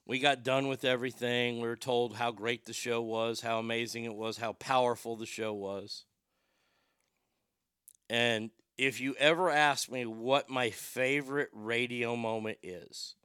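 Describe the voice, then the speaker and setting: A man's voice: medium pitch, fairly even intonation, moderate pace, fairly bright tone, clean tone, no echo. A male radio host telling personal stories in a rambling, profane, darkly funny way. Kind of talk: casual storytelling monologue.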